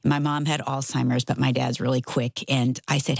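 Low, gravelly-voiced middle-aged woman. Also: moderate pace, dry recording. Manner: animated, acts out quoted voices. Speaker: guest. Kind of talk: casual storytelling.

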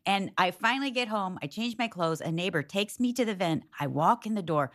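A woman's voice: medium pitch, normal speed, few pauses. A woman in her fifties co-hosting a casual chat, telling stories animatedly and acting out other people's voices. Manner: animated storyteller, acts out voices. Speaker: co-host.

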